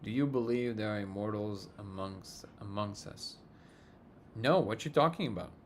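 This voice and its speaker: A man's voice: on the low side, normal speed, a little hiss or hum. Chuckling man hosting a live chat. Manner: jokey, chuckles often between remarks. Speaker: livestream host. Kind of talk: casual live chat reading comments.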